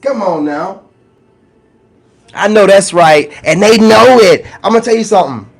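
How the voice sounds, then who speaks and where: A man talking casually and directly to his viewers, animated and teasing, with big swings in his voice. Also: high voice, brisk, creaky. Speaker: spiritual content creator. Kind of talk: casual direct-to-camera talk.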